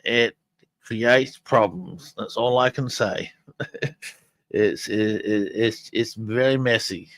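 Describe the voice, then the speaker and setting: A man's voice: lowish voice, takes it slowly, a bit bright, dry recording, low-quality recording. A man hosting a live podcast, talking casually and rambling with many fillers and restarts. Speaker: podcast host.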